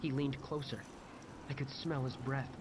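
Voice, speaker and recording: A man narrating a first-person horror story dramatically, shouting out the quoted lines. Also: medium pitch, little pitch movement, a little slow. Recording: loud gunfire noise behind the voice.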